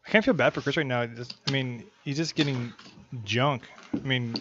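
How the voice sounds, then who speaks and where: A man's voice: mid-range voice, normal speed, a bit bright. A man doing casual, joking play-by-play on a live poker stream. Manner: joking, chatty banter. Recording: dull lo-fi stream audio, faint noise.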